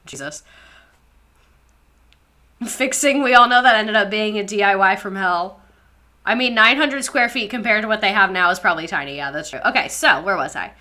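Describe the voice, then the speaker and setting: Snarky bright-voiced young woman streamer. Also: medium pitch, expressive, moderate pace, long pauses. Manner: sarcastic, swears freely, reads chat aloud. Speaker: live streamer reacting to chat. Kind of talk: casual live-stream commentary.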